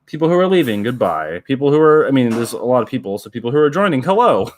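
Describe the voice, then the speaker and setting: A man from Oklahoma hosts a relaxed livestream, chatting loosely with his viewers. He rambles and giggles, restarting sentences and filling gaps with filler words, in an everyday mid-range voice. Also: mid-range voice, fast, slight background noise. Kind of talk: casual chat with live viewers.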